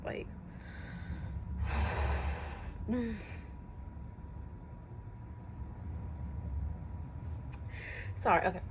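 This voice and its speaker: Young woman, vlogger, slow halting talk, many fillers, near tears, faint noise behind. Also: mid-range voice. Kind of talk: emotional personal vlog talk.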